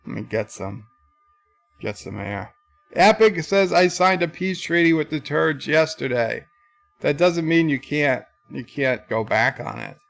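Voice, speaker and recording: A man's voice: fairly high pitch, expressive, unhurried, vocal fry, fairly bright tone, soft background music. A man hosting a casual livestream, singing along to list songs and reading viewer chat aloud with jokes. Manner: sings list songs then reads chat aloud, joking. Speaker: livestream host.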